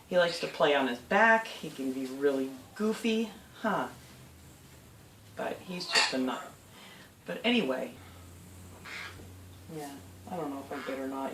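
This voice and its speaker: A woman's voice: deep voice, expressive, measured pace, pauses often. Chatty woman filmed in a roomy house. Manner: chatty, switches to cooing baby talk with her birds. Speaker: pet owner vlogger. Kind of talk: casual home video chat. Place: home with parrots in the room. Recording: roomy, distant, noisy home audio.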